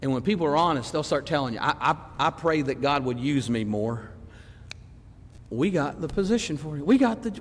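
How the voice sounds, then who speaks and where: Animated preacher in a reverberant church. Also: male voice, on the high side, a little fast. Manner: animated, swings between loud emphasis and quiet asides; acts out congregants' voices mid-sermon. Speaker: preacher teaching a Bible class. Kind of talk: sermon. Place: church sanctuary.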